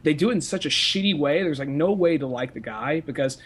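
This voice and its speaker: A young man in casual podcast chat, rambling and profane, full of fillers and restarts. His voice sits a little high for a man. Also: expressive, fairly quick, a bit bright, breathy edge. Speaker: podcast co-host.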